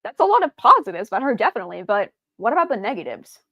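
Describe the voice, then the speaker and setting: Rambling woman streamer, slightly high voice. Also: big pitch swings, very fast, dry recording, lo-fi sound. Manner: rambling, with many fillers and restarts; stumbles over words. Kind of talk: casual stream chat.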